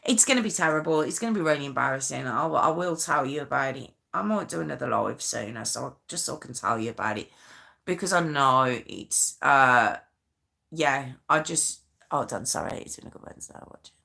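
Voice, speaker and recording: Nervous rambling woman, bright voice. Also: very deep voice, lively intonation, brisk, vocal fry. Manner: nervous, rambling, self-deprecating, stammers and restarts. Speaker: YouTube true crime host. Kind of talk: casual live-stream chat with viewers.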